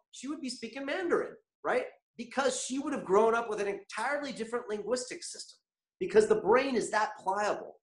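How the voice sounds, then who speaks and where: A man hosting a motivational online masterclass, energetic and constantly asking his viewers questions. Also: high voice, roomy sound. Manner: animated, keeps asking the chat audience questions. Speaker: webinar host.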